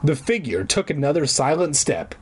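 A man reads a children's book aloud with a lively, swooping voice that sits a bit high. He keeps stopping for sarcastic, profane jokes. The delivery is a loose, casual read-aloud. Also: moderate pace, slightly rough. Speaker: reader.

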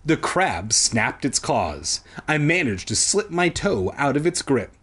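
A man's voice: medium pitch, sing-song, measured pace, fairly bright tone, slightly rough. A man reading a kids' book aloud for laughs, breaking off into profane, self-deprecating asides.

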